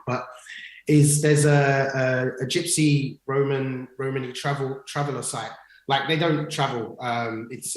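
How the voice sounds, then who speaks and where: A middle-aged man co-hosting a casual livestream chat, telling stories eagerly with lots of fillers and restarts. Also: medium pitch. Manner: enthusiastic storytelling with many fillers and restarts. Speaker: co-host. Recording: echoey room.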